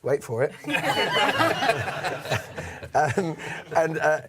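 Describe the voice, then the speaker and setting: A man's voice: on the high side, big pitch swings, very slow, heavy background noise. A man telling a comic story in casual chat, rambling with many fillers and restarts, swearing and laughing along. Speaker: comedian guest.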